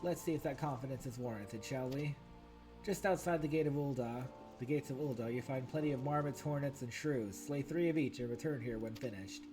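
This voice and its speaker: A man's voice: medium pitch, a little fast, music in the background, close to an everyday voice, poor audio. A man voicing a stern female sword guildmaster in a video game, speaking formally.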